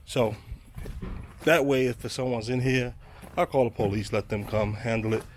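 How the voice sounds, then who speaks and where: A man's voice: mid-range voice, fairly even intonation, moderate pace, a little hiss or hum. A man narrating a vlog outside a vacant house, growing more and more exasperated. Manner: exasperated, building up heat. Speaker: property manager vlogger.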